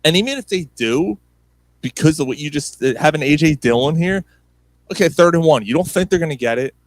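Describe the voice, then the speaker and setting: A man co-hosting a podcast, chatting casually about football with friends, animated and quick to laugh. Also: fairly high pitch, slight background noise. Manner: animated, laughs often, drops into impressions. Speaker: podcast co-host. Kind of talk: casual sports chat.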